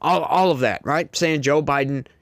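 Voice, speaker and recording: A man's voice: on the high side, moderate pace, no room sound, clean studio sound. A man delivering indignant, emphatic political commentary and repeating his points to his audience.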